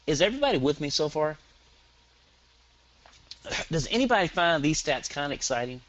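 A man with a Southern accent hosts a live online marketing webinar, energetic and hyperactive, firing rhetorical questions at his audience. His voice is fairly high at a normal speed, and the recording has its highs cut off.

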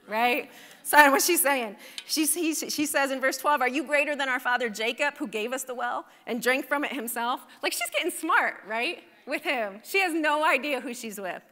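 A woman preaching a sermon at a church service, animated and conversational, often checking in with her listeners. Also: high voice, moderate pace. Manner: animated, conversational, asks the congregation "right?". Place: church sanctuary. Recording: church hall reverb. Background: congregation responding.

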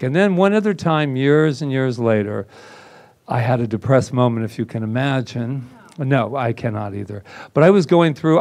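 A male reverend telling a personal story to a congregation at an everyday pitch. He is theatrical and self-mocking, and he acts out the quoted lines as he goes. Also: a little mellow. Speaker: reverend presenting at a spiritual center. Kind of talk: animated storytelling talk.

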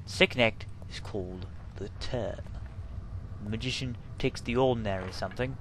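A man voicing an older English magician narrator in a slow, deliberate monologue, with an attempted English accent. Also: on the low side, natural voice. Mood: solemn. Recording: audible background noise.

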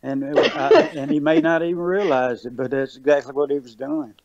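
Earnest Southern man with a gravelly voice. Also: fairly high pitch, huge pitch swings, moderate pace, background noise. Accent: Mississippi Southern. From Mississippi, US. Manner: earnest, repetitive, restarts often. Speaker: guest. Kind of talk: casual conversation. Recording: dull lo-fi recording.

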